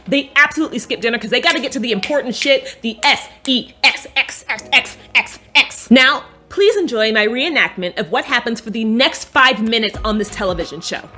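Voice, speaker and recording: A young woman casually recapping a TV episode in a sassy, animated way, swearing freely and acting out the characters' lines. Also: fairly high pitch. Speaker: recap host.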